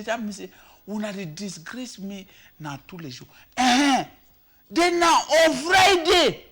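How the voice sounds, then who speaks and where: A Cameroonian Pidgin-accented man delivers comic commentary in a high, lively voice that jumps all over the place. He talks slowly and sounds bright and sharp, shouting now and then and sliding from one language to another. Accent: Cameroonian Pidgin English. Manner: animated, shouting, switching between languages. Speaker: comedy commentator.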